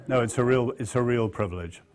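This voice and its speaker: A man with an English accent delivers a public lecture at a middling pitch. He speaks in a measured way with dry wit and lands firm emphasis on his key phrases. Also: a little mellow. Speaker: guest lecturer.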